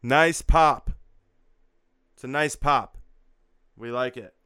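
A man's voice: medium pitch, slow, sharp tone, smooth, dry recording, studio quality. A young man hosting a crude morning beer-review show, rambling and swearing with lots of fillers. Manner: profane, rambling, frequent fillers. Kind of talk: crude casual morning vlog.

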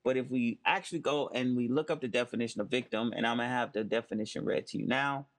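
A man's voice: mid-range voice, quick pace. A man hosting a spoken commentary, talking emphatically and stressing key words. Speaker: host. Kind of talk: monologue commentary.

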